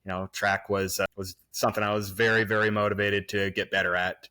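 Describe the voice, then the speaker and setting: Remote podcast guest: a bright-toned man in his forties, rambling and restarting as he reminisces. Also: fairly low pitch, level tone, brisk, clean tone. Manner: rambling, many restarts and fillers. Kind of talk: casual reminiscing conversation. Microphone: remote recording.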